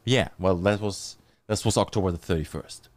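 A German-accented man hosts a live podcast. He talks in a low-pitched, upbeat way, hyping his sponsors and guests. The sound is close and dry. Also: moderate pace, no room sound. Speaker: podcast host. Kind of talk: live podcast chat and read ads.

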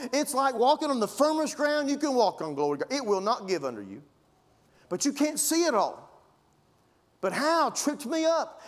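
A man preaching a sermon as pastor, fervent and conversational, pushing his emphasis upward. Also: very high voice. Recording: long reverb of a large hall.

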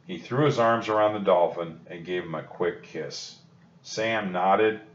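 A man with a lowish voice reads a children's book aloud in a calm, steady way. The recording is roomy and echoey, with a dull, lo-fi tone. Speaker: storybook reader.

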